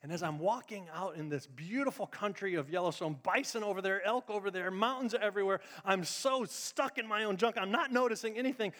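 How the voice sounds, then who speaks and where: A middle-aged man preaching a sermon as pastor, swinging between loud emphatic lines and hushed, confiding asides. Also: high-pitched, brisk, few pauses. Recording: long reverb of a large hall.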